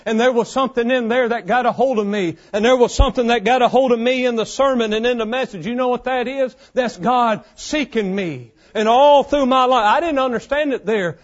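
High-voiced fervent preacher man. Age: 30s. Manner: fervent, repetitive preaching cadence. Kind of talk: sermon. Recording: dull lo-fi sound.

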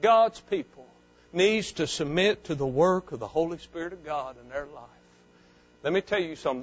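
A male pastor preaching a sermon, fervent and swinging between loud and soft. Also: on the high side. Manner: fervent preaching that rises and falls. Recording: dull lo-fi sound.

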